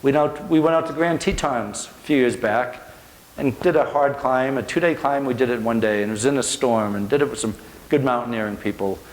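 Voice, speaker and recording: An American man in middle age speaks to a room as a motivational speaker, telling his stories earnestly and hammering points home by repeating them. His voice sits at an ordinary pitch. The recording carries a noticeable echo from the room around him. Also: fairly quick. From United States. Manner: earnest storytelling, emphatic repetitions. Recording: echoey room.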